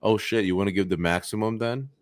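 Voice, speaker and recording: Male podcast co-host, low pitch, dry close sound, crude storyteller. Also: fast, no echo. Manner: storytelling, swearing, acts out voices in jokes. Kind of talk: casual comedic chat.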